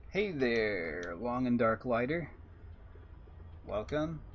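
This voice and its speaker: Slow-talking man streaming a game. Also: medium pitch, sing-song, highs cut off. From Texas. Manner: musing, chatty, reads out chat. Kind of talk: live gameplay commentary.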